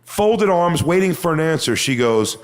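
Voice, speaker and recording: A man performing a stand-up comedy set on stage, telling crude, swaggering stories and sometimes mocking people in high put-on voices. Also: animated, moderate pace. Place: comedy stage before a live audience.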